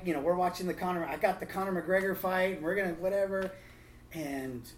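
A man telling a testimony and preaching to a small group, lively and acting out other people's lines. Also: medium pitch. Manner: animated storytelling, acts out quotes. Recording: roomy echo, faint room noise.

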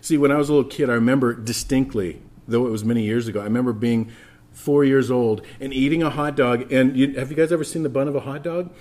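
A man's voice: medium pitch, quick pace. A man preaching a sermon as pastor, telling stories and speaking straight to the congregation. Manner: animated storytelling, addresses congregation directly.

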